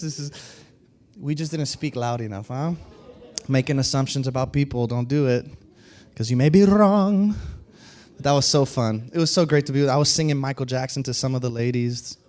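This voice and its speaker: A man's voice: mid-range voice, moderate pace. A man preaching a Sunday sermon, telling jokey stories with acted-out voices before reading scripture. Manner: animated storytelling, acting out voices. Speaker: pastor.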